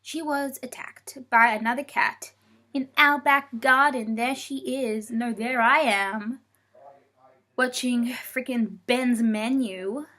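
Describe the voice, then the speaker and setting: A woman's voice: fairly high pitch, slow pace, bright, forceful tone. A young woman telling a rambling story in a casual vlog, chatty and swearing often, breaking off to talk to her cat. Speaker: vlogger.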